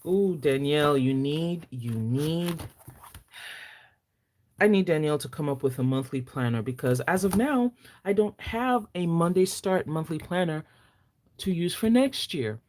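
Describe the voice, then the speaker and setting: A woman with a Nigerian accent chatting casually on a live stream, excitable, gasping and teasing her viewers playfully. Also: deep voice, a little slow. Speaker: planner vlogger.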